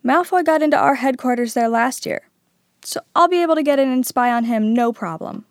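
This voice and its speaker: A woman voicing an excitable teenage boy wizard, urgent and emphatic. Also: high voice, a little fast, dry recording, studio quality, voice pushed up, close to an everyday voice. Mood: confident.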